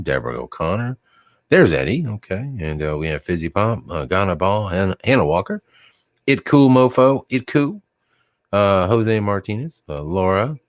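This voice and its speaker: Deep-voiced man hosting a laid-back stream. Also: no echo. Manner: rambling, chuckling, quotes dogs in silly voices. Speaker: livestream host. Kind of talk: casual chat.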